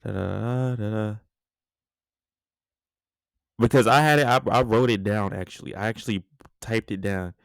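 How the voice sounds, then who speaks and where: A young man hosting a podcast, telling a story in a casual, slangy, animated way with lots of asides. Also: fairly low pitch, normal speed, gravelly, pauses often, clean tone, no echo, clean studio sound. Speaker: podcast host.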